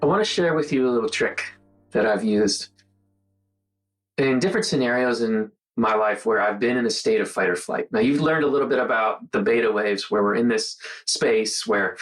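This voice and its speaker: A man hosting a casual mindfulness monologue, talking earnestly and guiding the listener through slow counted breathing. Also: medium pitch, a bit bright, rough recording. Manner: earnest, conversational, guides breathing with counted pauses. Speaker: host.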